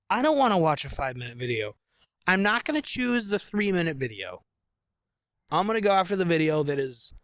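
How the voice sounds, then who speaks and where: A man's voice: sits high, fairly bright tone, clean tone, dry recording. A man in his late twenties hosting a gaming podcast in a loose, rambling chat full of slang and fillers, sitting in a camping chair outdoors. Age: late 20s. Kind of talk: casual rambling monologue.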